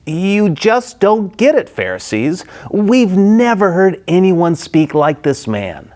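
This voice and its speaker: Man voicing earnest temple guards, amazed, lively pitch. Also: takes it slowly, full character voice. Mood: awed. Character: awed male temple officers.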